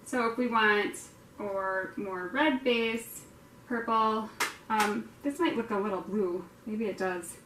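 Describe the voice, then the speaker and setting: An art tutorial host leads a casual painting lesson in a medium-pitched, slightly bright voice, taking it slowly with fairly even intonation. She's chatty and rambling, using lots of fillers and poking fun at herself. The room is echoey, the mic distant, with faint noise.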